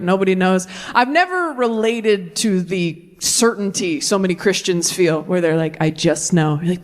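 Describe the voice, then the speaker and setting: A woman's voice: on the high side, a bit bright, slight background noise. A woman in her thirties doing a brutally honest, self-deprecating stand-up set into a handheld mic on a comedy stage. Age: 30s.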